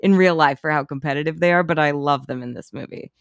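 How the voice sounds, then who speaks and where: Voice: medium pitch, quick pace, no room sound. A podcast co-host in casual movie chat who swears freely and acts out quotes in a jumped-up voice.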